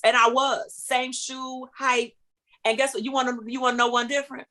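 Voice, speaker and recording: A middle-aged woman, a singer, telling a long story in an interview and acting out the voices of the people in it with big jumps in pitch. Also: level tone, moderate pace, bright, forceful tone. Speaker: guest, singer.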